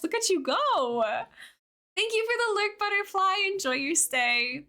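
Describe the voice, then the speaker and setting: A woman's voice: very high voice, big pitch swings, measured pace, sharp tone. A young woman streaming a game, chatting bubbly and giggly with her viewers and reading chat aloud. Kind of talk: casual livestream chat with viewers.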